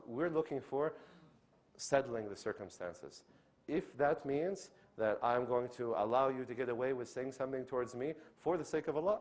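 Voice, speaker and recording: A man giving a religious lecture to an audience, often checking in with "okay?" and acting out the lines of the people he describes. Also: mid-range voice. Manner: animated, acts out quoted speech. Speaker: Islamic lecturer. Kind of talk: lecture on inviting others to Islam.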